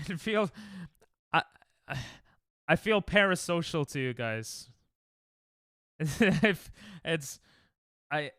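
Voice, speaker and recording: Young male streamer, bright clear voice, animated and rambling, dry close sound. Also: dry recording. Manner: rambling, laughs often, sudden high yelps. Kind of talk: casual chat with live chat.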